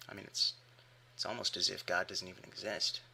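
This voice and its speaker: A man's voice: low-pitched, level tone, brisk, vocal fry, sharp tone, slight background noise. A man delivering an argumentative rebuttal monologue with emphatic rhetorical questions. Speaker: atheist commentator.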